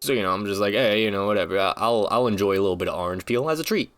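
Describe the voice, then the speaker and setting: A man's voice: lowish voice, very fast, a bit bright, faint music behind. A man streaming, ranting casually in a rambling, joking, foul-mouthed way. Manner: rambling, profane, joking rants.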